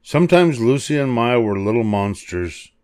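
An older man reading a children's picture book aloud, expressive and animated. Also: mid-range voice, normal speed, clean tone, no room sound, studio quality. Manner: expressive, animated voices for characters. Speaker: storybook reader.

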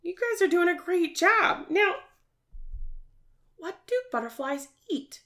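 A woman's voice: extremely high pitch, expressive, slow, sharp tone. A woman teaching a virtual preschool science lesson, asking young children lots of questions and praising their answers in a sing-song teacher manner.

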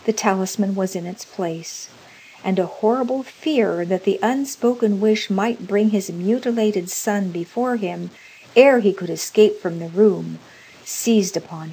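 A woman reading a story aloud at a slow, unhurried pace. Her voice is soft and breathy, with a middle pitch. She tells it in a measured, deliberate manner. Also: rough recording. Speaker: narrator.

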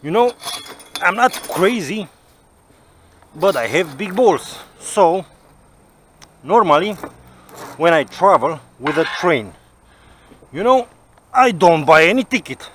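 A man's voice: high-pitched, big pitch swings, slow pace, pauses often, a bit bright, a little hiss or hum. A man casually telling a personal story to viewers, rambling and swearing, with lots of "you know".

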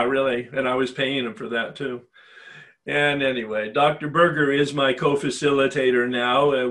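An older man speaks at a spiritual recovery retreat, his pitch sitting in an ordinary middle range. He tells his own story in a frank, confessional way. He presses his listeners with emphatic rhetorical questions. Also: fairly bright tone. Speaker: retreat facilitator.

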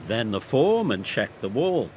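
A man narrating a children's storybook in an expressive, measured way, with music behind. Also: mid-range voice, a little hiss or hum.

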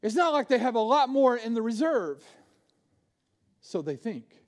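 Guy preaching, really high voice, goes from big loud bits to quiet hushed stuff. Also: measured pace. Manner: animated preaching, swings from loud bursts to hushed, low asides. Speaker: pastor. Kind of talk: sermon.

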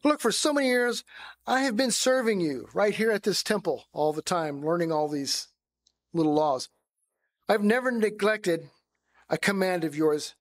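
Resentful older brother, read by a man, indignant and complaining, pitched a bit higher.

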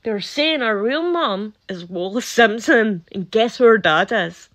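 Scottish woman, casual vlogger, slightly high voice, slow and giggly, talks like she's chatting to friends. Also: animated, a bit bright. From Scotland. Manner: chatty, laughs often, incredulous asides. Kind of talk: casual chat to camera.

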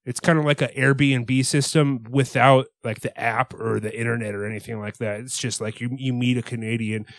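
A man co-hosting a comedy podcast, talking in a mock-earnest, halting way with many restarts. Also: mid-range voice, steady tone, no room sound. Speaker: podcast co-host. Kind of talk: deadpan comedic podcast banter.

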